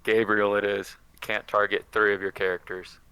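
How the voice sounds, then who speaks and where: A man's voice: fairly low pitch, level tone, moderate pace, bright, forceful tone, poor audio. A man playing a card game opponent, easygoing, reading card text aloud and musing over his choices. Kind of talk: casual gameplay chat.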